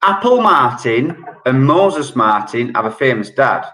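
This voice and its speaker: Guy running a lockdown quiz, slow and chatty, roomy echo. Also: medium pitch, animated, bright, forceful tone. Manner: chatty, joking, reads questions slowly and repeats them. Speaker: quiz host. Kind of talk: online pub quiz hosting. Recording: echoey room.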